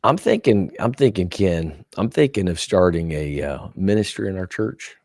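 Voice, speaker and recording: Man, gravelly low voice, slow easygoing podcast chat, dry sound. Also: no room sound. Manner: relaxed, laughs easily. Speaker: podcast co-host. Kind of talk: casual banter.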